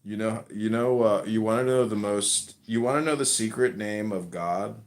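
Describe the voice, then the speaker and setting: A man hosting, cracking deadpan, provocative jokes in casual banter. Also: on the low side, normal speed. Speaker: host.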